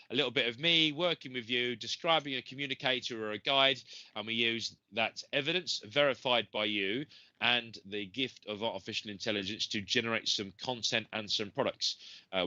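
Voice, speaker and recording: A man's voice: medium pitch, bright, forceful tone, dry recording. A man, a psychic medium, hosting a live stream and chatting to viewers with many fillers and name greetings. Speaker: psychic medium and show host. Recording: dull, slightly lo-fi stream audio.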